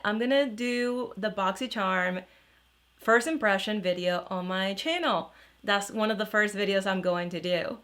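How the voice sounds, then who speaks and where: A woman's voice: medium pitch, fairly bright tone. A woman beauty vlogger chatting casually through a product review, rambling with restarts and lots of "you know".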